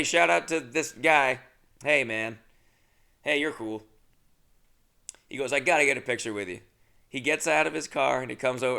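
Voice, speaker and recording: A man's voice: medium pitch, gravelly, sharp tone. A man hosting a podcast, telling a rambling, self-deprecating comedic story and acting out both sides of the conversation. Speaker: podcast host.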